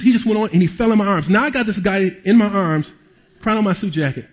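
With a high, breathy voice and a quick pace, a man delivers a sermon as a pastor and police chaplain. He's a lively storyteller who goes quiet and hushed at emotional points; the recording is lo-fi.

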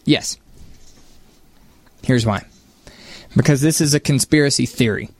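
A man's voice: medium pitch, a little slow, darkish tone. Dry sarcastic man co-hosting a chat. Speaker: podcast co-host. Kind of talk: casual chat.

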